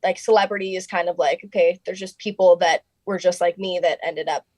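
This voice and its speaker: A woman's voice: lowish voice, fairly quick, no echo. Chatty young woman, dry close sound. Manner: chatty, fillers of "like" throughout, quoting others in lively bursts. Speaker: singer and interview guest. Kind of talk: casual interview storytelling.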